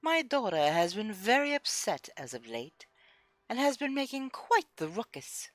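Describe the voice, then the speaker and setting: A woman's voice: mid-range voice, sing-song, normal speed, no echo, voice pushed up, natural voice. A woman voicing an ultra snobby, hoity-toity upper-class lady who reads out a prim, haughty letter.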